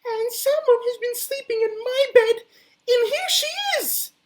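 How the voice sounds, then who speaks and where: A woman voicing a tiny young male bear cub in a storybook reading, squeaky and shrill. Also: measured pace, a little hiss or hum. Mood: excited.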